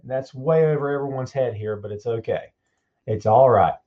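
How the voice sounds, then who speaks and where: A man's voice: mid-range voice, moderate pace, lo-fi sound. A man hosting a live podcast stream, greeting viewers by name in an upbeat, folksy, chatty way. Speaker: podcast host.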